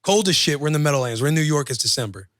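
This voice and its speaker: A young man with a bright, slightly high voice tells an animated, profane story at a rapid clip. He slips into other people's voices as he goes. The sound is close and dry, with no room around it. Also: dry recording. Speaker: podcast guest, football player. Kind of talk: casual storytelling chat.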